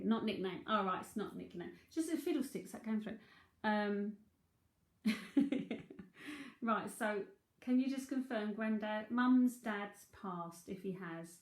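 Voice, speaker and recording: A live psychic reading is delivered by a woman with a London Cockney accent and a medium-pitched, darkish voice. The recording has a roomy echo, and she keeps up a chatty flow, thinking aloud and laughing often.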